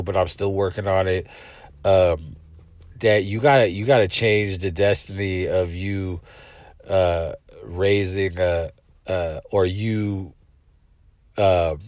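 A man's voice: low voice, darkish tone, no room sound. A man hosting a podcast, talking in a blunt, profane, rambling monologue full of fillers and restarts. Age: adult parent. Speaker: podcast host. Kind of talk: casual monologue.

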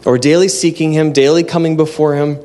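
A man's voice: fairly high pitch, steady tone, a little fast, dark tone. A man preaching a sermon in a church, earnest and conversational, often restarting his sentences. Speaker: pastor.

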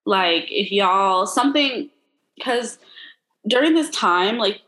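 A woman's voice: mid-range voice, animated, takes it slowly, pushed and bright, low-quality recording. A young adult woman in casual chat as a podcast co-host, telling stories bluntly and swearing freely.

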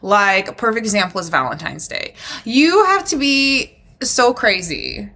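Bright, lively young woman podcaster. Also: medium pitch, poor audio. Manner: crude, joking, drawn-out deadpan delivery. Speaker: podcast co-host. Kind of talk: casual podcast chat.

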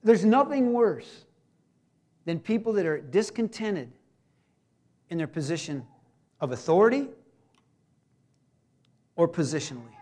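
A man, a pastor, preaching a sermon in a folksy way with joking asides, swinging between emphatic raised lines and hushed quiet ones. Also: sits high, sing-song, measured pace, long pauses.

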